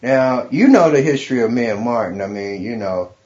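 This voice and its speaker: A middle-aged man, a stand-up comedian guest, telling a story in a profane, animated way, laughing often. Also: medium pitch, a little fast. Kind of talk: casual storytelling. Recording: dull lo-fi podcast recording.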